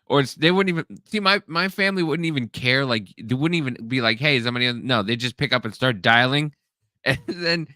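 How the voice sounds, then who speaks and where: Animated, bright-voiced man telling stories. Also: mid-range voice, moderate pace, no room sound, studio quality. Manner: animated storyteller, acts out family members in raised voices. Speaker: podcast co-host. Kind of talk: casual chat.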